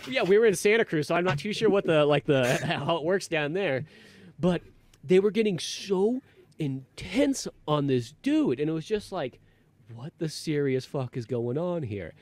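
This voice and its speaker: A man's voice: high voice, lively intonation, normal speed. Rambling man telling a story. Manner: rambling, heavy on fillers and restarts. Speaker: podcast host. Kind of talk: casual storytelling chat.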